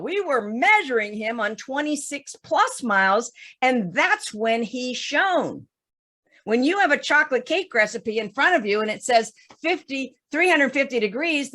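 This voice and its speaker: A woman financial advisor giving a webinar talk, explaining investing with lively stories and everyday examples. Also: on the high side. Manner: animated storytelling with folksy examples.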